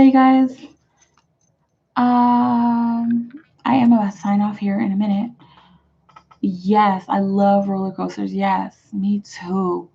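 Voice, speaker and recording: This tarot streamer speaks in a creaky, slightly rough mid-range voice, reading viewers' comments aloud as she chats casually. Her talk rambles, peppered with "like" and short bursts of laughter, over muffled lo-fi stream audio.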